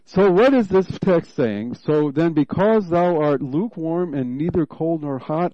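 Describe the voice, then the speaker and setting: A man's voice: fairly high pitch, unhurried, no room sound, dull audio. Man preaching a Bible-study sermon. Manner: expository Bible teaching, reads scripture aloud, animated when voicing God.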